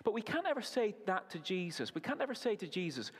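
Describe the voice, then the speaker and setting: A man leading a children's talk in a church service, his pitch bouncing widely as he asks the young listeners questions and praises their answers. His voice sits on the higher side for a man, and the long reverb of a large hall trails behind every phrase. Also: very animated, quick pace, hardly any pauses, husky. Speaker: preacher at a family service.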